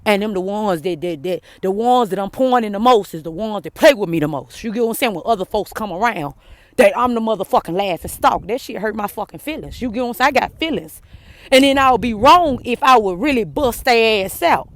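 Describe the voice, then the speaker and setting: A woman telling a personal story to her viewers, blunt and cursing, swinging between heated outbursts and hushed apologies. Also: mid-range voice, lively intonation, brisk, no room sound. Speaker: vlogger. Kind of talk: emotional personal storytelling to camera.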